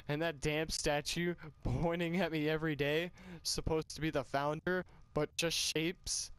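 A man's voice: a little high, flat delivery, unhurried, fairly bright tone, clean tone, no echo. A young man playing a game and reading its dialogue aloud with casual, sweary commentary, on a glitchy home mic. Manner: casual, swearing, laughing, putting on voices for the game's characters. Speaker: let's player.

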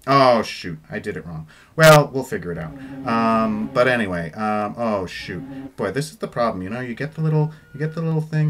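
A man's voice: lowish voice, animated, a little fast, fairly bright tone, faint music behind. Chatty middle-aged man giving casual commentary. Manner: chatty and digressive, swears offhandedly. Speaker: baritone singer discussing an opera recording.

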